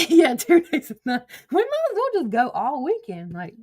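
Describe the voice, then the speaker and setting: A woman hosts a casual livestream, chatting with viewers and swearing freely. She heats up quickly, and her voice sits slightly high. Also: huge pitch swings, darkish tone. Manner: chatty, profane, quick to get heated. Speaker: livestream host.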